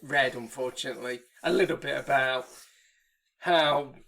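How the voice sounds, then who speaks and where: A man co-hosting a casual film podcast, chatty, interjecting with questions and quick asides. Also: medium pitch, gravelly, fairly bright tone. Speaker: podcast co-host. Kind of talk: casual film review chat.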